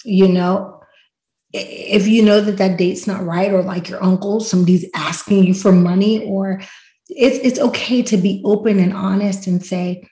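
A woman hosting a podcast, chatting casually and telling stories with lively acted-out quotes. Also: medium pitch, moderate pace, reverberant, low-quality recording. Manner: animated storyteller, acts out quotes. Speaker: podcast host. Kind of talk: casual chat.

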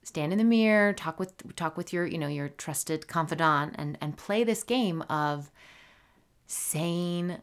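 A woman hosting a solo podcast, talking casually and playfully, with animated swings and soft whispered asides. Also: lowish voice, unhurried, smooth. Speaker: podcast host.

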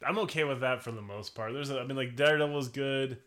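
A man's voice: medium pitch, fast, fairly bright tone. A man co-hosting a podcast, joking, swearing and laughing a lot in casual movie chat. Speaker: podcast co-host.

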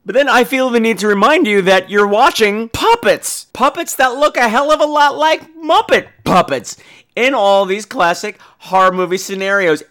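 A man's voice: high voice, a bit bright. A man hosting a podcast, talking in a sassy, campy, profane and theatrical way. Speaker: podcast host. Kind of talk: casual review podcast.

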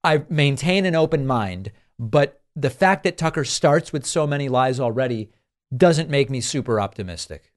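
A man's voice: mid-range voice, expressive, normal speed. A man hosting a political talk show, giving emphatic, exasperated commentary and searching aloud for the right words.

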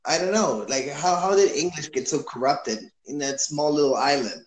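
An easygoing man from Chile hosts a relaxed chat, asking questions and laughing often. His voice sits a little high for a man and rings in an echoey room. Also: normal speed. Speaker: podcast host. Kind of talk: casual chat.

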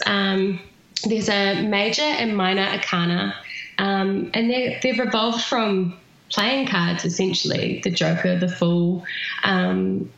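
A woman with a New Zealand accent, a podcast guest chatting at length and filling her pauses with ums. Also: medium pitch, vocal fry, fairly bright tone, heavy reverb, muffled recording. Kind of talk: casual podcast interview.

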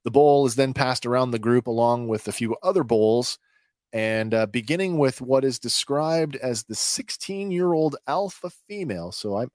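A man hosting a podcast, recapping a TV episode in a conversational, halting way. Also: mid-range voice, a little mellow, dry recording, studio quality. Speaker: podcast host.

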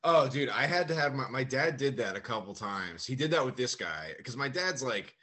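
A man co-hosting a podcast, telling stories in casual comedic chat, swearing a lot and animated. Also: mid-range voice, normal speed. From United States. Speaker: podcast co-host.

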